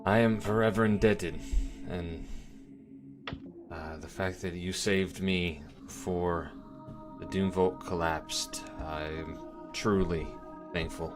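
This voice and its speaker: A game master doing a freed man, deep and unhurried, who keeps stumbling over his thanks. He sounds humble and unsure of himself. Clear background music plays underneath. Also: fairly even intonation. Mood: grateful. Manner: halting, full of pauses and fillers. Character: grateful freed man, hesitant and indebted.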